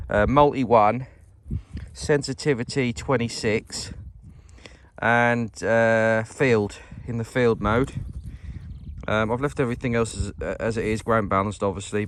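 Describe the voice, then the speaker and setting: A British man vlogs while metal detecting in a field, chatting upbeat to his viewers and calling them ladies and gents in a casual walk-and-talk style. His voice is medium-pitched with a fairly bright tone.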